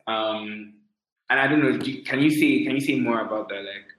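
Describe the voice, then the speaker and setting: A man's voice: mid-range voice, moderate pace, a bit bright. A man co-hosting a podcast, asking questions hesitantly with many ums and restarts. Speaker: podcast co-host. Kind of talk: casual conversation. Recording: echoey room sound.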